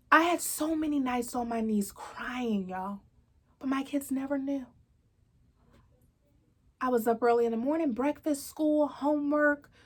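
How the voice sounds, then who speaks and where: Her high-sitting voice is a bit bright and slightly rough. In her thirties, she's the host of a faith talk show, chatting earnestly through a casual devotional talk, addressing listeners as "y'all" amid plenty of fillers.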